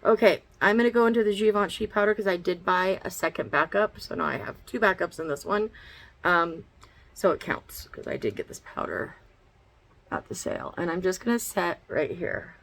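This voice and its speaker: Poor audio captures a woman with a lowish, gravelly yet fairly bright voice, expressive and at a moderate pace. A beauty vlogger at home in her bedroom, she gives a blunt, casual get-ready-with-me makeup chat, swearing as she explains each step.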